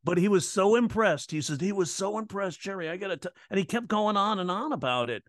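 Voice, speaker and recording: A man's voice: high-pitched, brisk, no echo, clean studio sound. A man, a comedian and comedy coach, telling stories in a casual interview and acting out the voices of the people he quotes. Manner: animated, acts out quoted voices. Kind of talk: casual storytelling chat.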